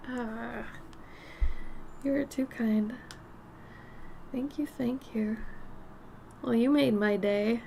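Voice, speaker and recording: A woman with a raspy, smoky voice chatting casually while she paints on a live stream, her nose a little stuffy. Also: on the high side, fairly even intonation, very slow, long pauses, a little hiss or hum. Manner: chatty, drifts between topics, soft murmured asides.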